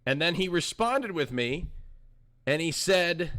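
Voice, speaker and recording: A young man with a bright, sharp, somewhat high voice hosts a live-streamed podcast. He rambles in a loose, chatty way and keeps answering his viewers' chat. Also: lively intonation, slow.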